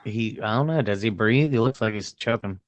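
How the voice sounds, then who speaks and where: A man's voice: on the low side, no room sound. A man co-hosting a podcast, chatting casually and joking at his own confusion. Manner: slow, self-deprecating, laughing. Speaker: podcast co-host. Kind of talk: casual chat.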